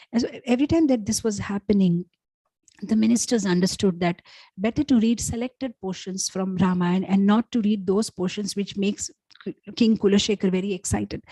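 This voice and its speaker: Warm, breathy woman telling sacred stories. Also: on the high side, dry recording, rough recording. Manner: animated storytelling with acted voices; loose, chatty phrasing with many fillers. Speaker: devotional class speaker. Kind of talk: devotional storytelling talk.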